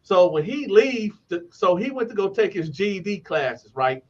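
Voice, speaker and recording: Animated, laughing man telling stories. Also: sits high, normal speed, highs cut off. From Flint, Michigan. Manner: animated, laughs often, acts out other inmates' voices. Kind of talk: casual storytelling.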